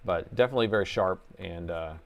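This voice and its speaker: A man's voice: low voice, fast talker, slight background noise. A man chatting casually on a live repair stream, rambling, laughing and reading viewer comments aloud.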